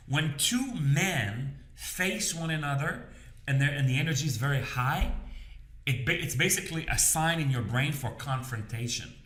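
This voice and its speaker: A man's voice: fairly high pitch, bright, forceful tone, reverberant. A man coaching business owners in a casual, conversational way, often checking in with his listeners. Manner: conversational, repeats phrases, checks in with "okay?" and "you understand?". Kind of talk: casual advice talk to camera.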